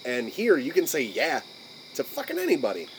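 A man's voice: a little high, huge pitch swings, a little fast, background noise. Casual swearing man on a podcast. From United States. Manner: rambling, profane, searching for words. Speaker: podcast co-host.

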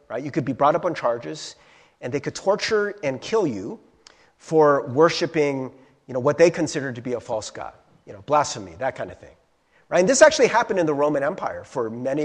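Husky, animated pastor. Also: male voice, on the high side. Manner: animated, acts out crowd voices, asks rhetorical questions. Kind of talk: sermon.

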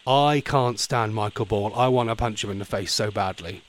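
A man's voice: fairly low pitch, moderate pace. A man hosting a casual radio show, chatty, rambling and playfully theatrical. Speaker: radio host.

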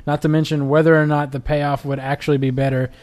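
A man's voice: on the high side, little pitch movement, fast, a little mellow. A man co-hosting a casual gaming podcast, arguing points and reading forum posts aloud. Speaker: podcast co-host.

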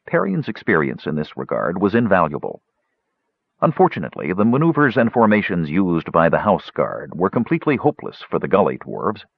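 A man narrating a fantasy audiobook in a steady, expressive way. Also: sits low, brisk, vocal fry, husky, no room sound. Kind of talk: scripted narration. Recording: dull lo-fi recording.

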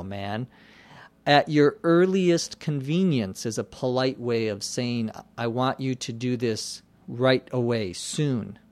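Guy teaching english real slow, spells words out letter by letter, dry close sound. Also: medium pitch, a little mellow, dry recording. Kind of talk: slow explanatory lesson.

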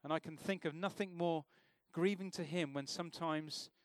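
A man's voice: a little high, normal speed, dry recording, studio quality. A man preaching an informal sermon in a church, talking conversationally and asking the congregation questions.

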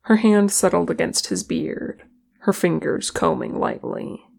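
Slow calm audiobook narrator, fan fic reading, super gravelly fry. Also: medium pitch. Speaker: audiobook reader.

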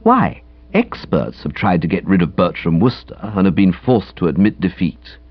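A man reading a comic novel aloud in a breezy, chatty, very expressive manner. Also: deep voice, normal speed, no room sound, highs cut off. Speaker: audiobook narrator. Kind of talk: comic audiobook narration.

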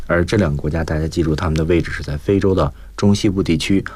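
Deep-voiced guy teaching english on the radio, explains every point, dry studio. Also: fast talker, darkish tone, husky, no room sound. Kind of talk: bilingual radio English lesson.

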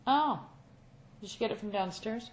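A woman's voice: medium pitch, normal speed, a little hiss or hum, poor audio. A woman hosting a podcast in casual, chatty talk from a small home office studio. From Canada. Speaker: podcast host.

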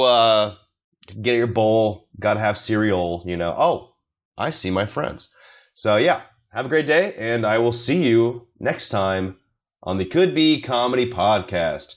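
A man's voice: mid-range voice, expressive, slow pace. Rambling sarcastic young man, lo-fi. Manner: rambling, sarcastic, swears a lot. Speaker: podcast host. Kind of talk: solo comedy podcast rant.

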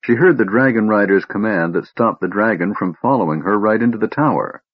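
Audiobook narrator: man, low husky voice, steady measured reading, dry dull recording. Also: dry recording. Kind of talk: scripted fantasy narration.

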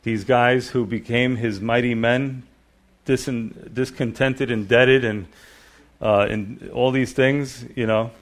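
A pastor giving a relaxed evening Bible sermon, retelling the story casually with lots of "you know.". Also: male voice, mid-range voice, slow pace.

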